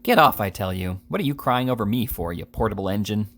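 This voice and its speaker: A man's voice: on the low side, lively intonation, fast, a bit bright. A man voicing a blunt, threatening manservant in dialect, reading a classic novel aloud. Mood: gruff. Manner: dialect speech, dropped sounds.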